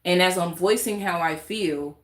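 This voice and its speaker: A woman's voice: fairly low pitch, unhurried, echoey room. A woman, ranting emphatically in a candid vlog and repeating her points. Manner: emphatic and repetitive, talks with her hands. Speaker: YouTube vlogger. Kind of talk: candid vlog rant to camera.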